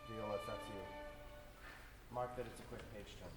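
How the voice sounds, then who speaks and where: A man's voice: on the low side, fairly even intonation, normal speed, loud music behind the voice. A man conductor rehearsing an orchestra, coaching players, singing phrases in syllables and asking "yeah?" to check they follow. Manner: coaching, sings phrases in syllables, tag questions. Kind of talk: rehearsal instruction. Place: large concert hall. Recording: echoey hall from far off.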